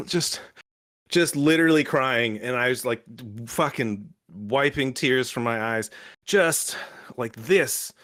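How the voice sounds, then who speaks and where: A man's voice: a little slow, no room sound, studio quality. A young man on a podcast, recapping with emotion, swearing often and acting out quoted lines. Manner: excitable, swears often, acts out quotes in shifting pitch. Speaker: podcast co-host reviewing a show.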